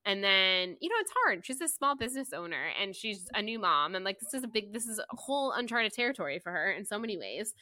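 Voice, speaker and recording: Bright-voiced woman podcast co-host. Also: mid-range voice, quick pace, hardly any pauses, no room sound, clean studio sound. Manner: animated retelling with quoted character voices. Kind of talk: casual book-club chat.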